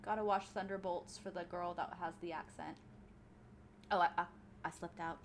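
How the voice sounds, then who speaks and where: A woman's voice: fairly low pitch, steady tone, normal speed, a little hiss or hum. A woman streamer chatting casually with her viewers while she plays, rambling with many fillers as she answers chat. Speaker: streamer and actor.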